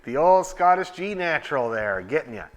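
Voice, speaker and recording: Lively fiddle teacher. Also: male voice, a little high, normal speed, heavy background noise. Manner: encouraging, explains and demonstrates. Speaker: fiddle orchestra leader. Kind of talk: music rehearsal instruction. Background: fiddles playing.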